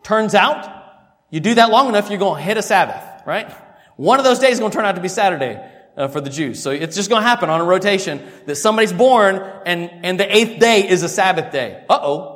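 Animated preacher man in a reverberant hall. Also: high-pitched, brisk. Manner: animated, conversational preaching with sudden loud and quiet swings. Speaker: pastor. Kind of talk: expository sermon.

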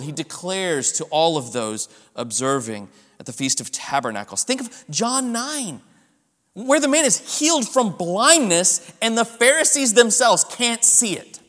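A man's voice: high voice, fairly bright tone, in a large hall. A man preaching a sermon, emphatic, pressing his points with rising stresses. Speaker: pastor.

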